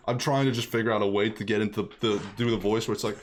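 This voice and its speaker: A man's voice: on the low side, fairly even intonation, fast, few pauses. A man streaming a game, chatting casually and joking as he reads the dialogue aloud. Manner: joking, chatty, laughs often.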